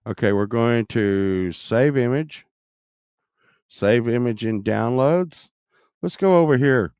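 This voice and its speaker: A man's voice: mid-range voice, takes it slowly, a little mellow, clear, resonant tone, no echo, clean studio sound. Rambling, profane man vlogging. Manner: rambling, profane, jumps between topics. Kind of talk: rambling casual vlog chat.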